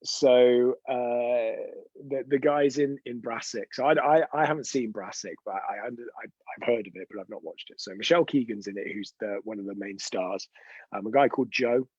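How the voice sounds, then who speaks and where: A man's voice: medium pitch, normal speed, darkish tone, slightly rough, no echo. Rambling man, dull dry sound. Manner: chatty, rambling anecdotes with frequent restarts. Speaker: host of a weekly live show. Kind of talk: unscripted live-stream chat.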